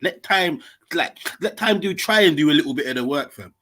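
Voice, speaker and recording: A man's voice: fairly high pitch, animated, a little fast, pushed and bright. A man, talking animatedly in slang as co-host of a casual livestream chat.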